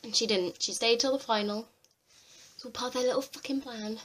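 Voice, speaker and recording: A young woman ranting to camera on a vlog, exasperated and swearing freely with animated outbursts. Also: fairly high pitch, a little fast. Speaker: vlogger. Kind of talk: ranting commentary.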